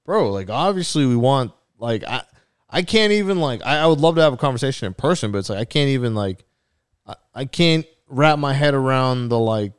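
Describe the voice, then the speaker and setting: A young man ranting about fans on a sports podcast, swearing freely and slipping into mocking voices. His voice sits at an ordinary middle pitch. The recording is dry and close, with no room sound. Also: animated, a little fast, smooth, no room sound. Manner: profane, ranting, mocks people in put-on voices. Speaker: podcast co-host. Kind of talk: casual sports chat.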